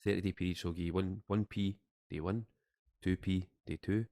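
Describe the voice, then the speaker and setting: A Scottish man with a low, deep voice co-hosts a podcast. He rambles in loose, jokey chat and often trails off mid-sentence. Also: steady tone, brisk, mellow. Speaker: podcast co-host. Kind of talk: casual chat.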